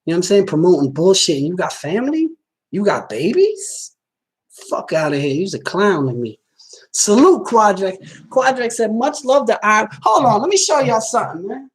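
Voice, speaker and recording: A man hosts a casual livestream, answering viewer comments, swearing a lot, and talking straight at his audience in a boastful, streetwise way, often asking if they follow. His husky voice sits high with big pitch swings at a moderate pace.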